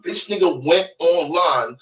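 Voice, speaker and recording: A man ranting angrily, shouting and repeating his lines for emphasis. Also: fairly high pitch, unhurried, distant mic, highs cut off, a crowd in the background. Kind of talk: heated rant from a played clip.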